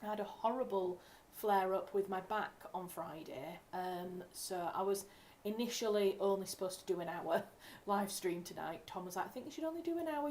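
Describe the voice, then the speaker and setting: A woman's voice: lowish voice, a little mellow. A young woman from England chats casually to her livestream viewers from home. She rambles and corrects herself mid-sentence, speaking into a desk mic over faint background hiss. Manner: chatty, rambling, self-correcting. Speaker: writer hosting a livestream. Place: home room.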